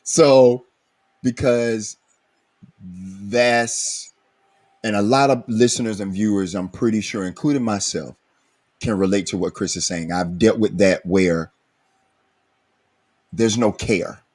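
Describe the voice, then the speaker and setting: A man's voice: fairly low pitch, steady tone, darkish tone. A man hosting a recovery podcast, talking in an earnest, reflective way. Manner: earnest, reflective, speaks slowly at times. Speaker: podcast host.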